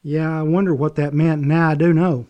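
A woman's voice: sits low, fairly even intonation, normal speed, dull audio, close to an everyday voice. A woman voicing an agreeable, laid-back man with a Southern accent who gives short replies. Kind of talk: comic character chat.

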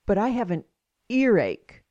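A man's voice: high voice, big pitch swings, unhurried, mellow, lo-fi sound. A woman voicing a bewildered male patient who stammers in confusion. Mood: flustered. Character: flustered, stammering man patient.

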